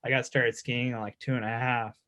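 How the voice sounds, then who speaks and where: Man, 30s, guest snowboarder; relaxed, rambling storyteller. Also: mid-range voice, fairly quick. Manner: laid-back, rambling, lots of fillers. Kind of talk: casual storytelling chat.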